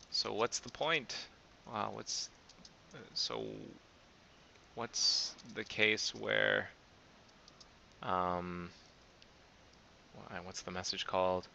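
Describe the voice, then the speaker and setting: A man's voice: fairly low pitch, vocal fry, pushed and bright, slight background noise, low-quality recording. A man hosting a coding show, thinking aloud as he reviews code, hesitant and often correcting himself. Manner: hesitant, self-correcting, many fillers.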